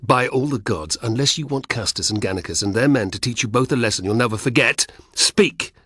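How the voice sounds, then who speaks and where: Guy voicing a harsh rebel leader, barky, kinda husky low voice, audiobook. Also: expressive, normal speed, fairly bright tone, no echo, clean studio sound. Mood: angry. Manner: barking, threatening commands. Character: fierce male rebel slave leader, commanding.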